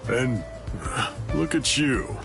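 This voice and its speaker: A man's voice: mid-range voice, slow, gravelly, music in the background. An actor playing a laid-back, wry male captain in a video game, with a dry, drawling delivery.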